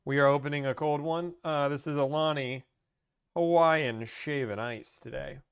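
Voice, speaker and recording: A man's voice: fairly high pitch, fairly even intonation, normal speed, creaky, smooth, no echo. A man hosting a casual livestream, hyped and playful, talking straight to his live chat. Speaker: livestream host.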